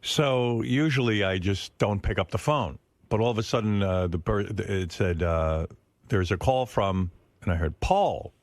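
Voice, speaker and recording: A man's voice: fairly low pitch, unhurried, no room sound. A middle-aged man hosting a radio show, telling a long rambling story in casual studio chat and acting out the people he quotes. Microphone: studio microphone.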